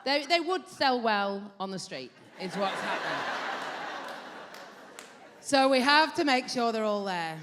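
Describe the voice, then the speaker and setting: A woman's voice: a little high, sing-song, unhurried, long pauses, background noise. A woman comedian doing live stand-up, teasing and bantering with the audience in a brash way. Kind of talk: live stand-up with crowd work. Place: large live theatre venue. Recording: live hall reverb with audience. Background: audience laughter.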